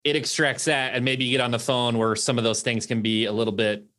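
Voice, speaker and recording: A man's voice: medium pitch, flat delivery, fairly quick, bright, forceful tone. A man hosting a podcast, working out his questions aloud with frequent restarts in a casual, curious way. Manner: thinking aloud, restarts while framing questions. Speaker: podcast host. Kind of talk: conversational podcast interview.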